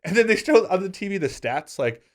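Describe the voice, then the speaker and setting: A man in his thirties hosting a podcast, telling casual stories with self-deprecating humor. He gets animated, and his voice jumps high when he quotes himself. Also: a little fast. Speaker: podcast host. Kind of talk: casual conversational storytelling.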